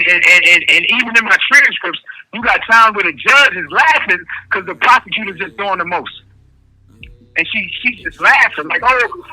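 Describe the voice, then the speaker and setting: In a dry recording, a man being interviewed over a prison phone line speaks emphatically in casual street speech, repeating key phrases. His high voice has a bright, forceful, husky quality, and his answers are impassioned.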